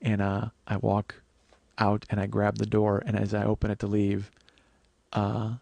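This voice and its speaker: Gravelly-voiced man telling a story. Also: fairly low pitch, unhurried, no room sound. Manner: candid and profane, with frequent fillers and animated acted-out quotes. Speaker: comedian podcast host. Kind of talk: confessional comedic storytelling.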